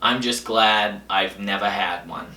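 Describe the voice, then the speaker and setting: A young man hosting a comedy show, delivering a deadpan monologue full of absurd boasts, his voice jumping between high and low. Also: measured pace. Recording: echoey room, a bit far from the mic.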